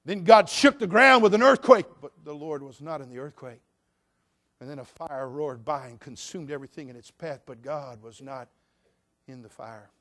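A man preaching a sermon as pastor, swinging from loud shouts to quiet, intimate talk. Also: fairly high pitch, moderate pace.

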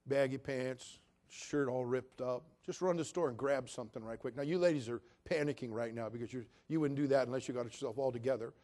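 A warm, medium-pitched male voice moves briskly with few pauses. The speaker, a pastor from Cherokee, preaches a sermon woven with folksy stories, earnest and plain-spoken, and dramatizes the voices he quotes.

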